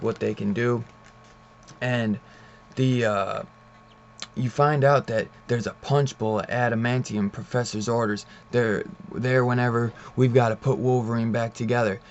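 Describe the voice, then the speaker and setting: An unhurried, gravelly man's voice of medium pitch and fairly even intonation delivers a loose, profane comic book review, with slight background noise. He retells scenes casually, peppering everything with "like," "man" and "dude." The audio comes across slightly dull and muffled.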